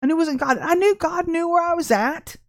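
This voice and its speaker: A middle-aged woman giving an informal testimony sermon on a livestream, animated and storytelling, with laughter and acted-out quotes. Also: very high-pitched, a little fast, no room sound, clean studio sound. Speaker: livestream minister.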